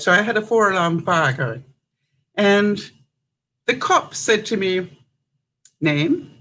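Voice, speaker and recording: A woman's voice: mid-range voice, animated, slow, long pauses, a bit bright, slight background noise, poor audio. An older woman from Canada, telling a story to camera in a chatty way, laughing often and acting out what others said. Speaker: vlogger.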